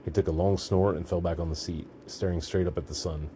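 A man reading a story aloud in a gritty, deadpan manner, breaking into shouts for the dialogue. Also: low-pitched, fairly quick, a little hiss or hum. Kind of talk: audiobook narration.

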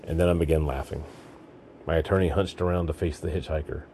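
A man reading a story aloud in a gritty, deadpan manner, breaking into shouts for the dialogue. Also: rumbling low, fast talker, gravelly, slight background noise. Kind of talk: audiobook narration.

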